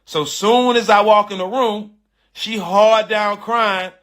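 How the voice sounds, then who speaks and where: A middle-aged man telling a personal story in casual, slangy speech, animated and emphatic, often repeating his phrases. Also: high voice, takes it slowly. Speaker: storyteller on a live stream.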